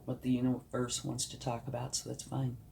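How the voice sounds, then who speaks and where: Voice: medium pitch, monotone, brisk, vocal fry, background noise. A tarot card reader giving a reassuring, emphatic reading, sometimes dropping to a whisper for emphasis.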